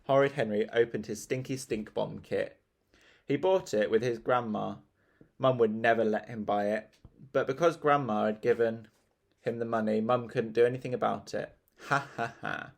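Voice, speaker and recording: A man reading a children's story aloud in a relaxed, playful way. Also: medium pitch, normal speed, vocal fry.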